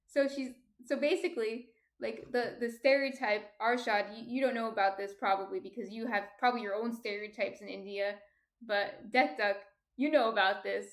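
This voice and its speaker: Woman streamer, fairly high voice, chatty storyteller addressing her chat directly. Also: moderate pace. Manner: chatty, animated storytelling with restarts. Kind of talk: casual chat to stream viewers. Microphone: streaming mic.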